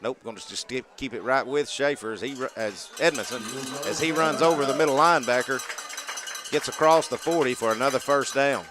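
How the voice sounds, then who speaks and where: A man in a mid-range voice, doing play-by-play for a high school football broadcast. He calls each snap briskly as it unfolds. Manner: brisk, calling plays as they unfold. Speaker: play-by-play announcer.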